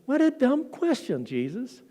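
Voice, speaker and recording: A man's voice: high-pitched, big pitch swings, slow pace, warm tone, pitched above the performer's own voice, exaggerated voice. Exasperated sarcastic disciples guy, as a preacher puts it on, voice swinging up and down. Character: exasperated male followers, mocking tone.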